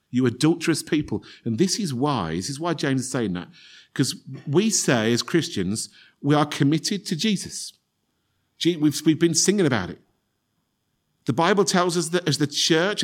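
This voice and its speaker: A man preaching a sermon in an earnest tone, repeating phrases for emphasis and acting out quoted prayers. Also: on the high side.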